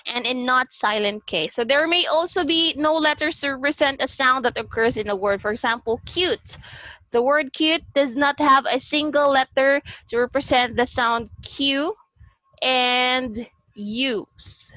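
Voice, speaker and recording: A woman with a Filipino accent presenting a lesson on a video call, explaining slowly and repeating herself as she goes. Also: sits high, pushed and bright, no echo, low-quality recording. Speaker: student presenter in a class discussion. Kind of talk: online class presentation. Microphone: computer or headset mic on a video call.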